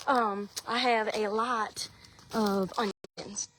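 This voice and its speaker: A woman's voice: mid-range voice, fairly even intonation, slow pace, fairly bright tone, a little hiss or hum. A young woman with a Southern accent, chatting casually in a live stream from her garden. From Louisiana. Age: young adult. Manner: chatty, rambling, says y'all often. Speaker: social media personality. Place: outdoors in her home garden.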